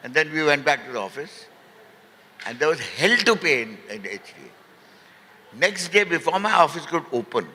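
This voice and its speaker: Male raconteur, bright tense tone, booming hall reverb, brief for storyteller. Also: normal speed, slight background noise. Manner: lively raconteur, acts out quoted voices, frequent fillers. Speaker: festival guest, ad filmmaker. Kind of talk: anecdotal storytelling on stage. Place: literary festival hall stage.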